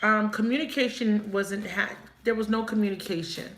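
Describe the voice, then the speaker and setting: A woman's voice: mid-range voice, moderate pace, reverberant, slight background noise. A woman reading tarot cards in a casual live chat, swearing now and then and laughing often as she talks to viewers. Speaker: tarot reader.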